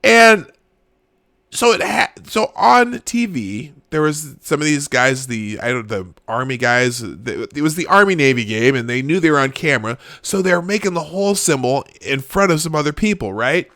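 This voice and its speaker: A man's voice: a little high, animated, moderate pace, sharp tone, dry recording, clean studio sound. A man in his forties hosting a casual live stream, rambling with frequent restarts and talking straight to his chat viewers. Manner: rambling, restarts often, laughs at own jokes; talks to chat viewers directly. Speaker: live show host.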